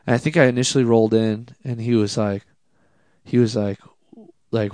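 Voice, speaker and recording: A man, a drift driver, telling a casual story in an interview, animated and self-deprecating, with many fillers. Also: lowish voice, normal speed, no room sound, clean studio sound.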